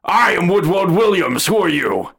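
A man's voice: high voice, very animated, normal speed, vocal fry, fairly bright tone, breathy edge, pitched above the performer's own voice, exaggerated voice. A man voicing a small, eager male wooden woodland spirit who asks earnest, innocent questions. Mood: startled.

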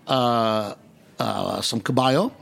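A man's voice: mid-range voice, creaky. A man hosting a radio show, telling travel stories in casual, joking chat. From New York. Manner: animated storyteller, fast, joking. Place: radio studio.

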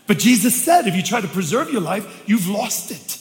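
Animated man preaching in an echoey church. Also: high-pitched, moderate pace, vocal fry, hardly any pauses, noisy background. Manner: animated storytelling, acting out dialogue, shouting for emphasis. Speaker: pastor. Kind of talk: storytelling sermon. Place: church sanctuary.

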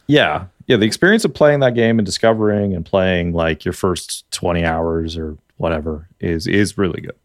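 Deep-voiced Canadian man, rambling. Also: moderate pace, hardly any pauses, dry recording, studio quality. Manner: rambling, restarts a lot. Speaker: podcast co-host. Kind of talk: casual gaming chat.

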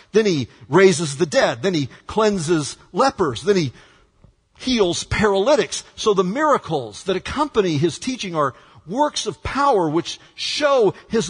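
A male pastor preaching a sermon with dramatic swings from hushed words to shouts. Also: high-pitched, husky, big-room sound.

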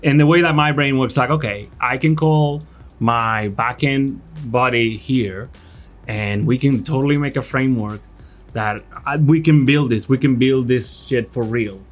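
A man's voice: mid-range voice, a little slow, soft background music. A man with a thick Spanish-speaking accent, chatting casually on a podcast as a product designer, telling stories animatedly with many restarts. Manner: animated storyteller, acts out voices, frequent restarts.

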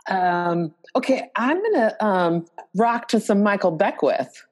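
A woman's voice: medium pitch, expressive, slow pace, a little mellow. A woman co-hosting a podcast, chatting in an enthusiastic, gushing way. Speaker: podcast co-host. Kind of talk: casual chat.

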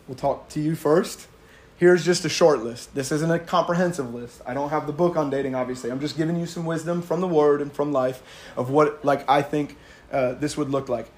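A man with a slightly high voice teaching in a relaxed, sermon-like way. He talks conversationally and drives his points home with emphasis. Short laughs slip in between his points. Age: adult with a young daughter. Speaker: Bible teacher. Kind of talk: casual sermon-style teaching.

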